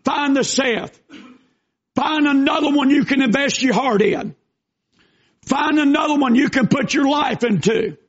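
An older man delivers a sermon in a strikingly high voice. He swings between shouted exhortation and folksy storytelling. The recording is dull and lo-fi. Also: measured pace, long pauses. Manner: preaching with shouted bursts and folksy asides. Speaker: pastor. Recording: dull lo-fi sound.

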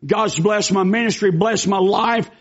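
Man, pastor, preaching, high voice, earnest storytelling, emphatic bursts, muffled recording. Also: a little slow, breathy edge. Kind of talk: sermon.

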